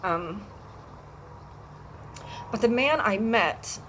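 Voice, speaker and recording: A woman vlogging alone, telling a personal story in a halting way with many pauses and restarts. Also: medium pitch, expressive, a bit bright, a little hiss or hum, low-quality recording. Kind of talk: emotional personal vlog.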